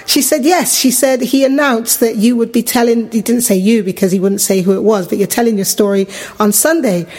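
Middle-aged English woman, podcast host, animated storyteller who jumps high when quoting others. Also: brisk. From England. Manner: animated, acts out quoted voices with big pitch jumps. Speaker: podcast host sharing her testimony. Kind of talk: personal storytelling.

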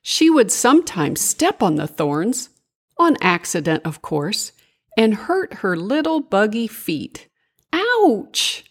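An older woman reads a children's tale slowly and gently. Her voice rises and falls in wide, lively swings, like a storyteller reading aloud. The telling is soft and unhurried. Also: medium pitch, breathy edge.

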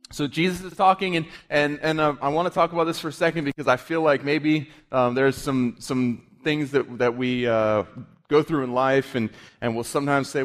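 A man preaching a conversational sermon as pastor, with frequent halting restarts, moving into prayer. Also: mid-range voice, in a large hall.

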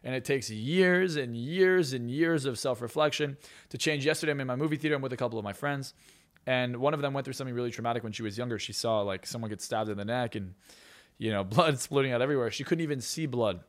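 A man's voice: medium pitch, fast. A man who is a hypnotist and success coach, telling stories in a podcast interview with a boastful, self-assured manner.

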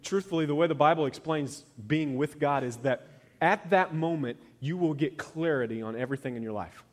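A man in his thirties preaching a conversational sermon as a pastor, often dropping to a soft, quiet voice. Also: fairly high pitch, brisk, in a large hall.

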